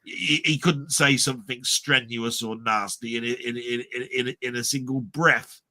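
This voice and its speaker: On a live stream mic with no echo, this podcast co-host, a middle-aged English man, wanders through relaxed talk about vintage comedy. He speaks a touch slowly in a mid-range voice, breaking into animated comedian impressions.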